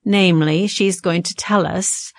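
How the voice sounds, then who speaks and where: A woman guest teaching on a Bible passage in a measured, explanatory way with frequent ums and uhs. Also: on the low side, fairly even intonation, no room sound. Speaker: guest theologian.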